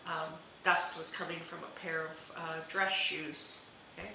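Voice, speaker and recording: A woman's voice: deep voice, steady tone, a little slow, gravelly, sharp tone, very echoey, a little hiss or hum, poor audio. A woman hosting a live psychic reading, talking hesitantly with many fillers and restarts. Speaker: psychic medium host.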